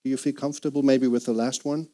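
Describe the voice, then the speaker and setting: A man's voice: medium pitch, little pitch movement, fast talker, mellow. A man from Germany moderating a group discussion, chatty and friendly, laughing as he talks.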